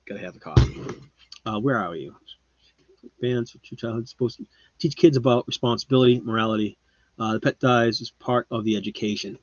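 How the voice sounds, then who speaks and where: A man hosting a live stream, chatting casually with viewers and rambling, his voice often trailing off quietly. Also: medium pitch, fast, dry recording. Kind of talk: casual chat. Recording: slightly muffled lo-fi sound.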